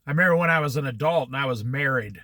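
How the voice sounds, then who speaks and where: A man leading a Bible study, telling a family story in an animated, laughing way. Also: mid-range voice, racing, dry recording. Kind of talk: anecdotal Bible study talk.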